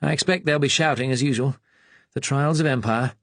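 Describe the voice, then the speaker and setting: A man's voice: medium pitch, fairly even intonation, normal speed, dry recording, voice pushed up, close to an everyday voice. Man doing a drawling, sighing civil servant. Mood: weary. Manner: upper-class drawl, sighing. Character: weary male civil servant with upper-class drawl.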